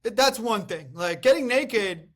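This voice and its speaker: A man hosting an interview show. He chats casually, drops quick joking remarks and often trails off mid-thought. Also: sits high, animated, a bit bright. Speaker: host.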